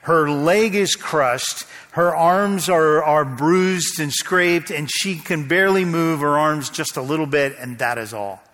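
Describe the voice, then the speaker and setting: A man preaching a sermon, telling a story and slowing to a hush at the tense moments. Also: fairly high pitch. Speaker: pastor. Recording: long hall reverb.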